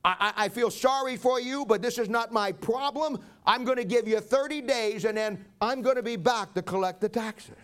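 Pastor voicing a firm, stammering tax collector, high voice. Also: male voice, moderate pace, few pauses, a bit bright, clear, resonant tone. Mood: apologetic. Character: apologetic but firm male tax collector.

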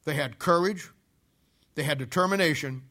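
A man preaching a sermon, telling a Bible story in a folksy, animated way with casual army slang. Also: fairly high pitch, normal speed.

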